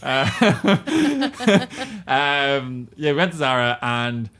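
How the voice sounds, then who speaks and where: With a medium-pitched, slightly bright voice, a British man in his twenties speaks expressively and draws out his words. He's a podcast guest chatting candidly, laughing often and using many fillers.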